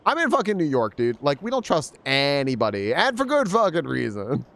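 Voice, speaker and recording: A man's voice: a little high, huge pitch swings, moderate pace, vocal fry, fairly bright tone. A man streaming a game, telling stories casually, swearing a lot and full of filler words. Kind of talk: casual gaming stream storytelling.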